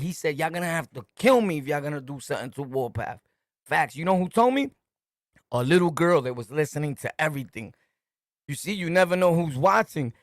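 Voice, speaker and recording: A man's voice: on the high side, dry recording, clean studio sound. A middle-aged man from Brooklyn with a New York accent, hosting a podcast and telling street stories in emphatic slang, laughing often. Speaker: podcast host. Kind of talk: casual storytelling monologue.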